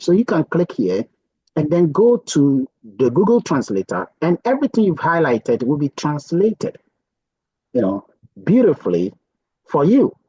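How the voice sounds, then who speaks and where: A man with a slightly husky voice explains software step by step in a casual, chatty way, often pausing with "okay". His pitch moves up and down a lot as he talks. The sound is dry and close. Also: no room sound, low-quality recording. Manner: chatty, thinking aloud with many "okay"s. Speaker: software tutorial presenter. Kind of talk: casual screen-share tutorial.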